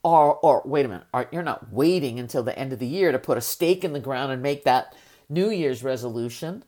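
A woman hosting a motivational podcast, speaking to listeners in an upbeat, emphatic way, her voice just recovering from being raspy. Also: rumbling low, animated, a little fast, a little mellow. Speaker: podcast host and high-performance coach.

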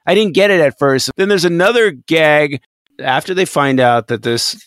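A man's voice: fairly high pitch, normal speed, clear, resonant tone, dry recording. A man with a slightly raised voice talks through a scene he loved, laughing often as he builds up the joke. The sound is dry and close, with no room in it. His chat is loose and casual, full of restarts and asides. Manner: animated storytelling, frequent laughs. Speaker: podcast co-host.

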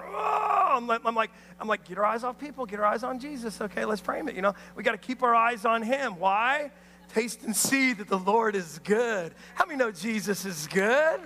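Man, pastor, sermon, animated storyteller, acts out voices, bright tone, long hall reverb. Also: extremely high pitch, slight background noise.

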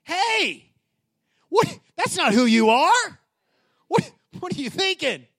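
A man's voice: extremely high pitch, big pitch swings, takes it slowly, creaky, voice pushed up, heavily acted. A man doing a firm, caring Holy Spirit. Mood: correcting. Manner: firm but gentle scolding.

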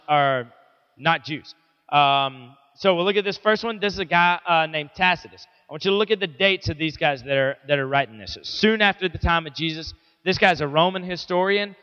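A man's voice: fairly high pitch, bright, forceful tone. Casual, joking man teaching a Bible lesson. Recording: echoey hall, dull lo-fi sound.

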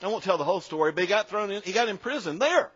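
A man's voice: high voice, animated, very fast, fairly bright tone. A middle-aged man preaching a sermon, emphatic, repeating key phrases, with dry humor. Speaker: pastor. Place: church sanctuary. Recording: dull sound with long church reverb.

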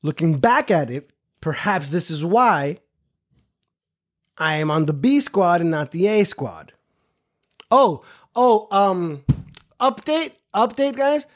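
A man's voice: sits high, sing-song, slow pace, pauses often. A man hosting a podcast, telling a casual, profane story and repeating phrases for emphasis. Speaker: podcast host.

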